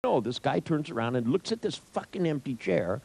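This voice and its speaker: A man's voice: a little high, expressive, normal speed, gravelly, a little mellow, breathy edge, rough recording. A middle-aged man telling an anecdote in a wry, irreverent way, swearing freely. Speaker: storyteller. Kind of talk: profane anecdotal storytelling.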